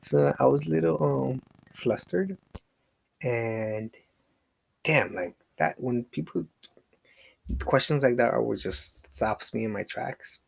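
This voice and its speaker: Guy rambling on his own podcast, gravelly voice, swears a lot, dry close sound. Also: mid-range voice, slow, pauses often, dry recording. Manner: rambling, frequent fillers and restarts, casual swearing. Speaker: podcast host. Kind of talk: casual solo podcast monologue.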